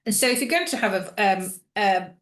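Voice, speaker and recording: A woman's voice: medium pitch, lively intonation, fairly quick, fairly bright tone, roomy sound. A woman presenting an employment law webinar, talking with many fillers and restarts. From United Kingdom. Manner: hesitant, frequent fillers and restarts.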